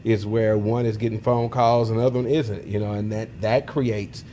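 A man's voice: on the low side, steady tone, moderate pace, mellow, slight background noise. A man co-hosting a podcast in casual chat, reflective and a little preachy as he gives advice. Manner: preachy, reflective, many fillers.

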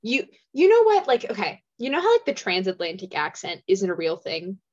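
A woman's voice: mid-range voice, wildly swooping pitch, a little fast, a little mellow, lo-fi sound. A young American woman co-hosting a casual chat podcast from a small room, bubbly and rambling, saying "like" a lot. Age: young adult. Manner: bubbly, rambling, heavy use of "like". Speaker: podcast co-host. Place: small dorm room with thin walls.

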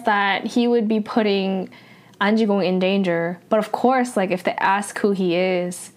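A young woman talks through a drama episode in loose, casual chat. She rambles and leans on filler words at every turn. She often sounds exasperated and animated as she reacts to the plot. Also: medium pitch, a little slow. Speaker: drama recap vlogger.

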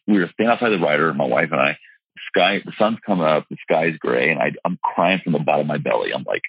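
Low, gravelly, slightly husky man; earnest interview storyteller, emphatic with lots of restarts; dry, dull sound. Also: no echo. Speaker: real estate investor and seminar teacher. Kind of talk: candid personal storytelling in an interview.

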